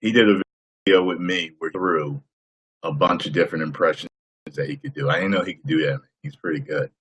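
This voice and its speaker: A man hosting a casual live stream, chatting with viewers in a playful, boastful way and breaking into loud whoops. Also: very deep voice, brisk, breathy edge.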